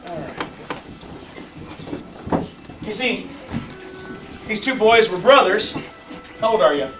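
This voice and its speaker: Male kids' church teacher, animated storyteller, fairly high voice, far from the mic in an echoey room with music under it. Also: takes it slowly. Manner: lively, playful, chatty, asks the audience questions. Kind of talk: animated storytelling lesson with volunteers. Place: large room with kids, music playing.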